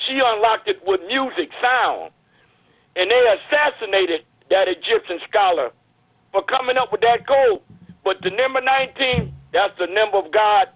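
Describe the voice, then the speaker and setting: A man's voice: sits high, lively intonation, moderate pace, dry recording. A man calling in to a talk show, preaching his views in an urgent, emphatic way. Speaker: caller. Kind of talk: impassioned call-in commentary. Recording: tinny phone line.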